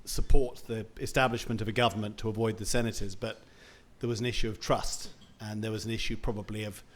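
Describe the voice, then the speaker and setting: A man moderating a panel discussion, talking in a relaxed, halting way with fillers. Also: on the low side.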